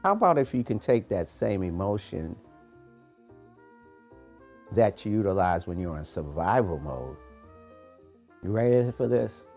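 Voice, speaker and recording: A man hosting a morning podcast, giving a preachy, animated motivational talk in street-casual phrasing. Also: fairly low pitch, unhurried, pauses often, faint music behind. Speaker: podcast host, motivational coach.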